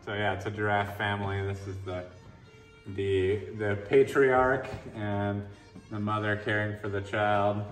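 A man giving a relaxed, rambling tour of his paintings in a gallery, with an Australian and New Zealand mix of accent. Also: lowish voice, a little slow. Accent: mixed Australian and New Zealand. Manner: relaxed, musing, with fillers and restarts. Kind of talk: casual walk-and-talk. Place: historic house gallery, indoors. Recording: roomy and distant, faint music behind.

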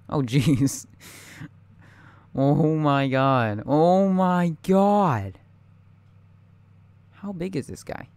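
A young man giving live gameplay commentary, anxious and excitable, often muttering and repeating himself. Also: mid-range voice, smooth, no room sound.

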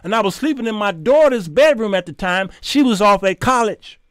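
A middle-aged man, hosting his show and telling a story in an animated, preachy way with sudden shouts. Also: high voice, a little fast, smooth, dry recording, clean studio sound. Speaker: show host. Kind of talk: storytelling commentary.

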